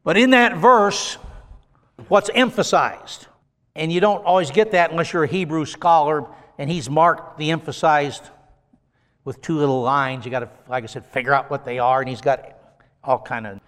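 A man preaches in a high voice, folksy and emphatic, swinging from low asides to loud rises. His words ring with the long reverb of a big hall. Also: normal speed. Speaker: pastor. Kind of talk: sermon with closing prayer. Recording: long echo of a church hall.

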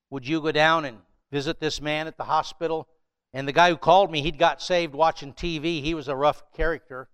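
A man's voice: a little high, a bit bright, clear, resonant tone. Older man preaching a storytelling sermon. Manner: storytelling preacher, conversational with emphatic rises. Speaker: pastor.

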